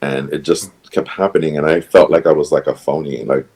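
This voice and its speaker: A man on a podcast telling a personal story in a hesitant, halting way, full of pauses and restarts. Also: rumbling low, steady tone, darkish tone, slightly rough, poor audio. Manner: hesitant, many ums and restarts, emotional retelling. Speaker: podcast guest.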